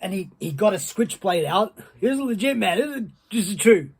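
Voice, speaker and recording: A man, a former wrestler, telling a rambling, profane anecdote that builds excitement. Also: high voice, normal speed, breathy edge. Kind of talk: casual anecdote.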